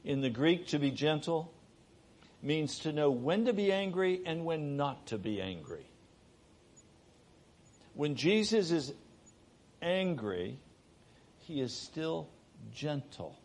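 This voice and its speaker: A middle-aged man preaching a sermon, moving between raised, urgent delivery and hushed, soft passages. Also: on the high side, very animated, takes it slowly, long pauses, a little hiss or hum.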